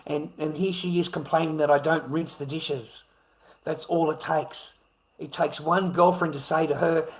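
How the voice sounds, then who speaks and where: Australian man, profane repetitive livestream rant, slightly high voice. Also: steady tone, moderate pace, rough recording. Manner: swearing, repetitive, swings from muttering to shouting. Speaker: livestream ranter.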